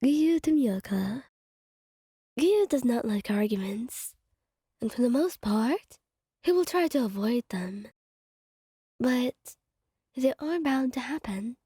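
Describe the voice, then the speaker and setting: A woman narrating a whispered role-play in the second person, speaking in a soft, hushed way. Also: on the high side, lively intonation, slow, long pauses, breathy edge, dry recording, clean studio sound. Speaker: ASMR storyteller.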